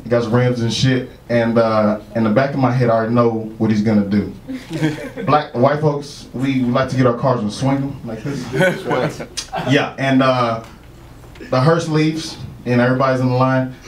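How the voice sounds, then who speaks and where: A man's voice: mid-range voice, steady tone, normal speed. A man doing stand-up, telling a story full of swearing and laughing at his own jokes. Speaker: stand-up comedian. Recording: echoey room with crowd noise.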